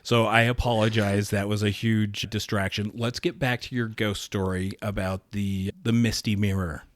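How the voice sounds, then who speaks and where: A man's voice: on the low side, level tone, moderate pace, no echo. A man co-hosting a podcast, telling a funny anecdote in a playful, chatty way and acting out the quotes. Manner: playful storyteller, acts out quotes. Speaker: podcast co-host. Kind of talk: casual chat.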